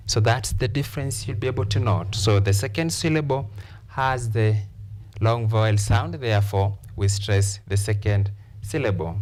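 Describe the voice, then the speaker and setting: A man teaching a pronunciation lesson, repeating each word slowly and deliberately for emphasis. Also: mid-range voice, a little mellow. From Kenya.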